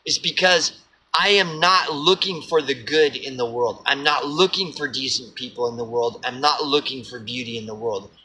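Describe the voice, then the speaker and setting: A man's voice: medium pitch, moderate pace, pushed and bright, low-quality recording. A man from Oklahoma with an Oklahoma accent, giving a blunt, profane, preachy rant to camera and repeating himself for emphasis. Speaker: vlogger. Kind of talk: ranting monologue to camera.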